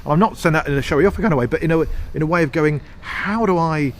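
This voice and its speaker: An English comedy writer and stand-up speaks in a fairly high, rapid-fire voice over crowd noise. He chats casually in an interview, rambling in long runs full of self-mocking asides and frequent restarts.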